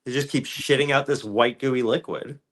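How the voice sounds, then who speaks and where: A man's voice: mid-range voice, normal speed. Campy sarcastic man on a podcast. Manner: campy, sarcastic, deadpan jokes. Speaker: podcast host. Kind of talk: crude comedic podcast banter.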